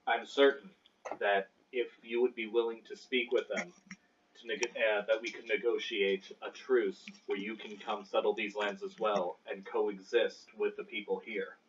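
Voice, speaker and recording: A man playing in a tabletop game, speaking in a formal, measured way as his character. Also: on the low side, flat delivery. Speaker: player. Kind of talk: in-character negotiation. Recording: distant, dull mic with faint noise.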